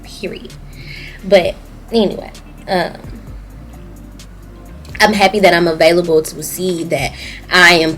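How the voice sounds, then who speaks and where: Young woman w a southern us accent, lowish voice, talking real open to her viewers, faint music in the back. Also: fairly bright tone, low-quality recording. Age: young adult. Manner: candid, emotional, speaking to viewers. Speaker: YouTuber. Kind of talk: personal video diary.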